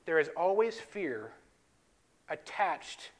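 A man from North Dakota co-hosting a faith-based talk, telling a story with lively voice play and frequent laughs. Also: on the high side, slow. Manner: animated storyteller, laughs often. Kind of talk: faith-based podcast chat.

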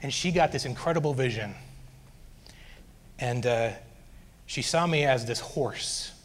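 A man earnestly sharing a personal faith testimony, growing animated as he recounts his frustration. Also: mid-range voice, unhurried.

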